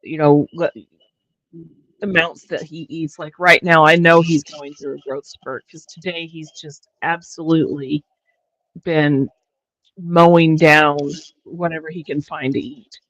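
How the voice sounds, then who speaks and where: A woman hosting a livestream, chatting casually in a halting way with frequent restarts and fillers. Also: sits low, fairly even intonation, fairly bright tone, dry recording, dull audio. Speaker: livestream host. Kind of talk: casual chat.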